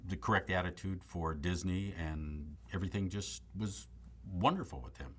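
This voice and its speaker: An older comic actor reminiscing in an interview with a dry, joking delivery. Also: male voice, sits low, normal speed. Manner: dry, joking, deadpan asides. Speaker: comedic actor recalling a film.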